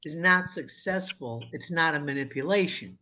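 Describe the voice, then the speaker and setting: A woman from the US East Coast hosting a casual live-stream chat, animated and effusive with her guests. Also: deep voice, moderate pace, highs cut off, a crowd in the background. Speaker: livestream host.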